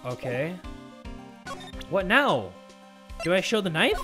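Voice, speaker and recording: A man's voice: sits high, big pitch swings, slow pace, pauses often, pushed and bright, faint music behind. A man hosting a game playthrough, chatting casually and joking, and losing his voice. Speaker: gaming video host. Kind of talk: let's play commentary.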